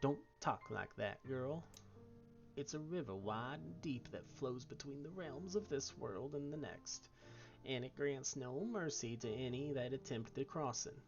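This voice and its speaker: A man voicing a feisty, blunt old grandmother with a Southern drawl, gruff and scolding. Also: medium pitch, expressive, unhurried, muffled recording, soft background music. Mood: stern tender.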